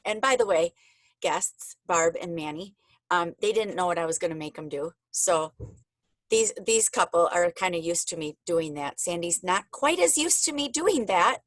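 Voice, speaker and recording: A woman's voice: lowish voice, animated, normal speed, dry recording, rough recording. Gushing woman host on a video call. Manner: gushing, emotional, chatty. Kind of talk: casual video-call chat.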